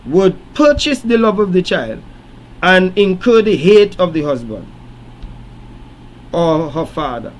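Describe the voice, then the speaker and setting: A man's voice: sits high, low-quality recording. A man hosting a late-night call-in radio show, telling stories and lecturing emphatically. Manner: preachy storytelling, rising to emphatic lecturing.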